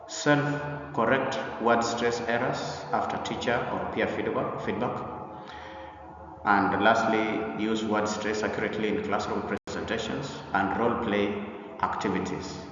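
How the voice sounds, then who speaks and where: A man presenting an English pronunciation lesson in a deliberate lecture style, often repeating himself and pausing on "uh". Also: fairly low pitch, a bit bright, a little hiss or hum. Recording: echoey, dull recording from a distance.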